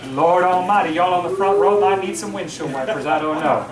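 A man pastor preaching a sermon from the pulpit, lively and joking with his congregation. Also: sits high, fairly quick. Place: church sanctuary, at the pulpit. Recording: echoey room, voice from far off.

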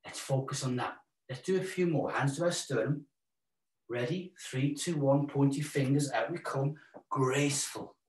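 Counting out moves and cueing breathing, this Welsh fitness instructor keeps a live exercise class going with jokey encouragement. He has a mid-range, slightly mellow voice at normal speed. There's a roomy echo from the distant mic and a bit of background noise.

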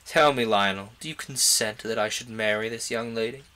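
A man's voice: fairly low pitch, brisk, bright, forceful tone. A man reading a novel aloud, voicing an ambitious, haughty young nobleman in a grand, declamatory way.

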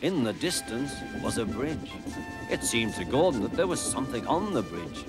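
A British man narrating a children's storybook in a measured, expressive way. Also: mid-range voice. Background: music.

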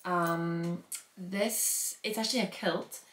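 A woman's voice: fairly low pitch, steady tone, takes it slowly, a bit bright, reverberant, slight background noise. A young Scottish woman chatting casually through a packing vlog, rambling with lots of filler words. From Scotland. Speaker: vlogger.

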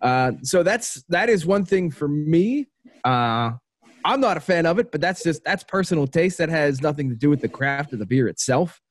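A man with a fairly high voice co-hosts a podcast on a video call, his sound close and dry. He is relaxed and quick to laugh, gently steering the chat along. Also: dry recording. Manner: laid-back, laughs easily, steers the talk. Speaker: podcast co-host. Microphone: remote video call.

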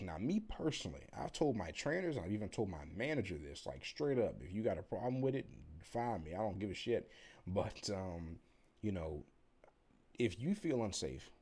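A man's voice: low voice, breathy edge. A young man rambling casually through a work story, blunt and profane, acting out what others said. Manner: rambling, profane, animated when quoting others. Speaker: delivery driver vlogger.

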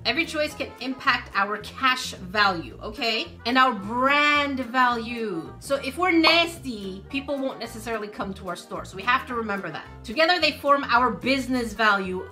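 A woman's voice: on the high side, bright, forceful tone. A woman gaming streamer giving casual let's-play commentary, playfully reading game text aloud and reacting to it.

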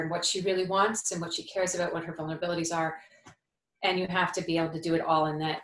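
Actress guest, woman in her fifties, slight New York tone, low-set voice, animated, echoey room. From New Jersey, USA. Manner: thoughtful, animated, many fillers and restarts. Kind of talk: conversational interview.

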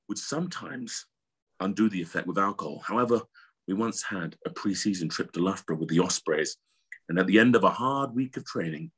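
A man on a sports podcast reading a passage aloud from a book in a steady, measured way, with small stumbles. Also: sits low, breathy edge.

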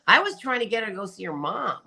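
Bright-voiced chatty woman livestreaming. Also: medium pitch, sing-song, fast, creaky. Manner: chatty, reads viewer comments aloud, laughs often. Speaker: livestream host. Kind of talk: casual livestream chat.

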